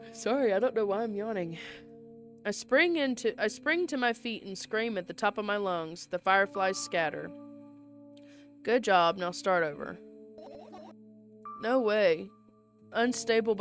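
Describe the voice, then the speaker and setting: Woman reading a visual novel aloud. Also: mid-range voice. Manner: reads all parts herself, with casual asides. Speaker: game player reading aloud.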